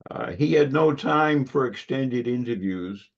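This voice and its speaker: A man giving a history lecture to a club audience, measured and given to wry asides. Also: mid-range voice, animated. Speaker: guest lecturer. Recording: dull lo-fi recording.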